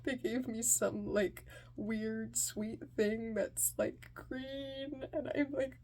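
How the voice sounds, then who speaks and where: A woman's voice: on the high side, fairly even intonation, takes it slowly, few pauses, a little mellow. A woman telling a comic personal story in an anxious, self-mocking way, often dropping into whispered asides.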